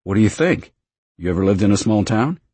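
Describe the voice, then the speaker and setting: A man's voice: on the low side, lively intonation, brisk, warm tone, husky, no echo, voice pushed up. A man voicing a blunt, offhand young woman, reading her dialogue in a casual, dismissive tone for a storybook.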